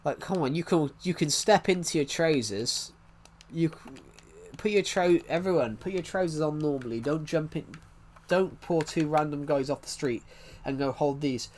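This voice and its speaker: A man's voice: fairly high pitch, normal speed. A young man with a blocked nose, chatting casually on a live stream, rambling, restarting his sentences and swearing.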